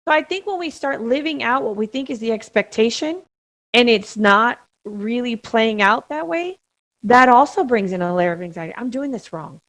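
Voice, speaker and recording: A middle-aged woman with a somewhat high voice talks earnestly as a podcast co-host. She is gently emphatic and leans on repeated phrases to drive her points home. The tone stays reflective and conversational. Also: lively intonation, normal speed. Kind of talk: reflective conversation about grief.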